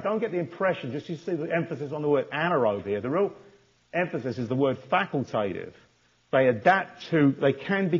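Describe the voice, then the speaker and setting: Male lecturer, mid-pitched, husky, restarts and stresses terms; dull lo-fi lecture recording. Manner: repeats and restarts words, stresses key terms. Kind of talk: university lecture.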